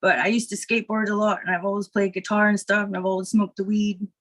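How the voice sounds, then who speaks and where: A woman from Scotland with a Scottish accent that has gone partly American, chatting as a guest in a rambling, relaxed way full of fillers, stoned. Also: medium pitch, quick pace. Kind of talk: casual stoner chat.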